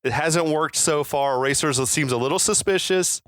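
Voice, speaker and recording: A man's voice: fairly high pitch, moderate pace, a bit bright, no room sound, clean studio sound. A man co-hosting a podcast, chatting casually about a movie, often laughing and trailing off. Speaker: podcast co-host.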